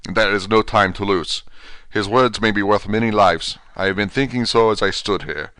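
A man playing a stern older professor who speaks in a quiet, grave, measured way. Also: lowish voice, fairly even intonation, clear, resonant tone, no echo.

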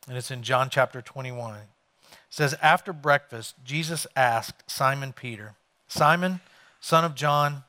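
A man's voice: medium pitch, sharp tone. A male pastor preaching a sermon, retelling a scripture story in conversational everyday words.

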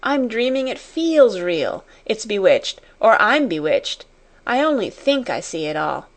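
A woman reading an audiobook, voicing a young girl who talks in breathless, quick exclamations. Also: mid-range voice, big pitch swings. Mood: breathless wonder. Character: young girl, wondering and overwhelmed. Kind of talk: audiobook character voice.

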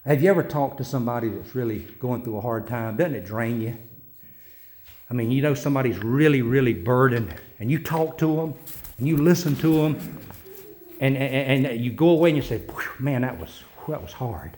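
A man preaching a sermon, moving from loud emphatic lines to quiet conversational asides and slow recitation of scripture and hymns. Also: medium pitch, animated, a little hiss or hum. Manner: recites scripture and hymn lyrics slowly. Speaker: pastor.

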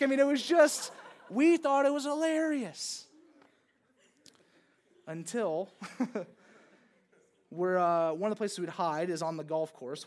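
A man preaching a sermon, telling a personal story in a casual, chatty way with many fillers. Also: a little high. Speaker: pastor.

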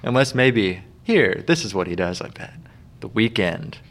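A man's voice: on the low side, measured pace. A man co-hosting a podcast, chatting casually about a TV episode and laughing often. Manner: laughs often, relaxed banter. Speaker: podcast co-host. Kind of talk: casual chat.

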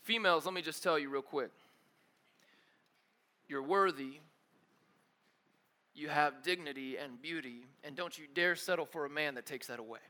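A young adult man preaching a sermon in a casual, energetic way, using slang like "dude" and "bro" and moving between loud emphatic bursts and quiet low asides. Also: moderate pace, pauses often. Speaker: pastor.

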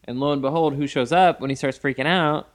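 A man co-hosting a podcast, recapping an episode in casual chat with deadpan quips. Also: fairly high pitch, a little fast. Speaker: podcast co-host.

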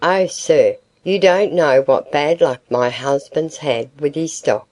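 A woman reading aloud gives us a poor farmer's wife close to tears, her low, dark voice trembling as she pleads. She stays humble and anxious throughout this old-fashioned storybook scene. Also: slow. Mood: tearful pleading.

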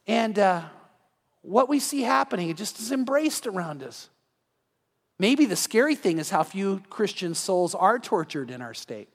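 A man preaching an evening sermon in a church, animated and full of restarts, acting out quoted voices. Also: sits high, long reverb tail. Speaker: pastor.

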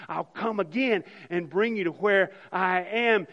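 A man preaching an Easter sermon as pastor, swinging from loud emphasis to soft, hushed lines. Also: sits high, measured pace, few pauses, big-room sound, dull audio.

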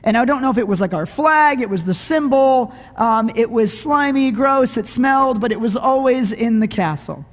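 Animated middle-aged preacher in an echoey hall. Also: male voice, very high voice, moderate pace, few pauses. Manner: animated, conversational, often asks "right?". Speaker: pastor. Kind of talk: sermon with humorous storytelling.

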